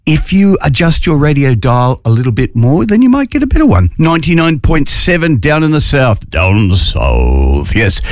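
A man's voice: mid-range voice, dry recording. Brief: Australian man, morning radio fill-in host, jokey and chatty, close dry mic. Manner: chatty, jokey, drawn-out phrasing. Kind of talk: casual morning radio chat.

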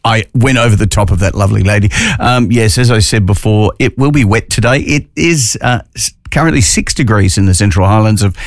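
An Australian man hosts a talk radio show, chatting easily and cracking corny jokes. His voice sits low, and the studio sound is dry and close. He rambles through the segment in a relaxed, friendly way. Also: a little fast, dry recording. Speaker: radio host. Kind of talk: casual talk radio chat.

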